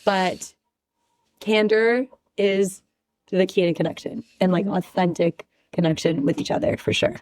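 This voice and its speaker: A woman's voice: mid-range voice, a little slow, a little mellow, no echo, studio quality. A woman guest on a podcast who speaks candidly and with emphasis, sharing her views in casual conversation. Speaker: podcast guest, relationship expert.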